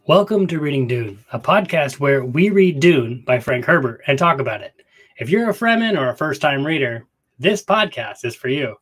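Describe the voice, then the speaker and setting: A man's voice: mid-range voice, big pitch swings, normal speed, a bit bright, husky. A man co-hosting a book podcast in casual chat, playful and jokey, recorded in a small closet. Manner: playful, jokey, chatty with filler words. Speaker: podcast co-host.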